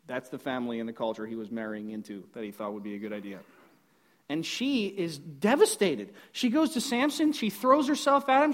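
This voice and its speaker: High-voiced man telling a Bible story. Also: moderate pace. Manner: animated, acts out the characters with joking asides. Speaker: Bible teacher.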